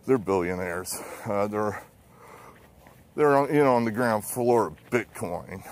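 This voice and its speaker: This deep-voiced political vlogger records on a handheld phone during a neighborhood walk, slightly out of breath as he rambles bluntly, swearing and using lots of fillers. A little hiss or hum sits under the recording.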